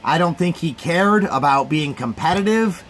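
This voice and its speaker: A man's voice: a little high, lively intonation, normal speed, fairly bright tone, slight background noise. A man with a slightly raised voice hosts a casual live reaction stream for a sports game. He talks in a loose, rambling way, addressing his chat directly. He sounds tired, yawning between thoughts. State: sleepy, yawning.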